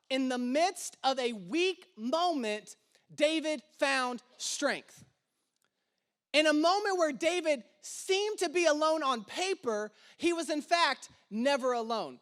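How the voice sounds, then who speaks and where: A young male pastor with a notably high voice tells a family story with playful self-deprecating humor. He then slides into a rhythmic sermon cadence, repeating phrases as he builds. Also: expressive, slow pace, fairly bright tone.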